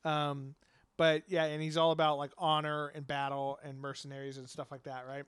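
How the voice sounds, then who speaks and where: A man's voice: a little high, little pitch movement, normal speed, a bit bright, smooth. A man chatting casually as a podcast host about running a tabletop game, rambling with lots of fillers and laughter. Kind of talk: casual chat.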